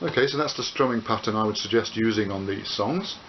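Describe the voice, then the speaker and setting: A man giving a ukulele lesson in a relaxed, explanatory way, counting beats and calling out chords as he plays. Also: fairly low pitch, fast talker, faint music behind. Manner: relaxed explanatory, with frequent "uh" fillers. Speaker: ukulele teacher. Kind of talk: instructional tutorial, counting and calling chords while playing. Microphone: camcorder microphone. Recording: dull hissy camcorder audio with loud ukulele. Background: ukulele playing.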